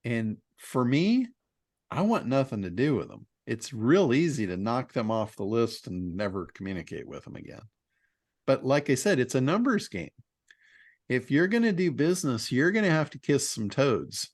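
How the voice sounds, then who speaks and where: A man's voice: mid-range voice, big pitch swings, normal speed, dry recording, studio quality. A man hosting a business group call, chatting casually, bluntly giving advice, laughing often, with mild swearing. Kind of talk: casual chat, telling stories and giving advice.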